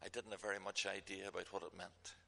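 A man preaching in a big hall, his voice a little low with a gravelly edge and a bright, forceful tone. He tells stories and hammers home repeated phrases, with a long reverb trailing each line. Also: flat delivery, quick pace. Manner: emphatic, repetitive storytelling delivery. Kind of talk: sermon with personal stories.

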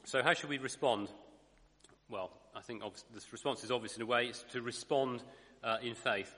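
A man's voice: mid-range voice, steady tone, moderate pace, fairly bright tone, long reverb tail. A man giving a sermon, thoughtful, with dry asides and the odd self-correction. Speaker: preacher.

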